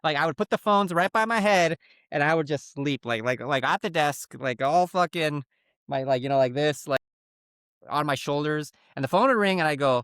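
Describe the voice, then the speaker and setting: A man's voice: on the high side, lively intonation, moderate pace, fairly bright tone, smooth, no room sound, clean studio sound. A man co-hosting a podcast, telling a story in casual chat and acting out phone calls in put-on voices. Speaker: podcast co-host.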